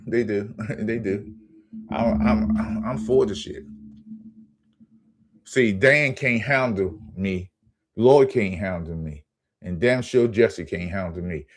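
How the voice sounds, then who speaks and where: A low-voiced man rants about sports on his own channel. He talks in a heated, profane way, stumbling and repeating words as his anger builds. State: angry. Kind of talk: ranting sports commentary.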